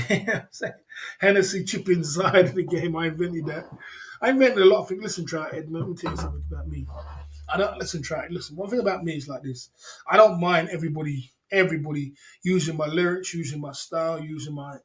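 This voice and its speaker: Male livestream host with a slightly high voice, loose rambling chat that circles back on itself and reads out names from the chat. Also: fast talker. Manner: rambling, repeats himself, chuckles, addresses chat viewers by name.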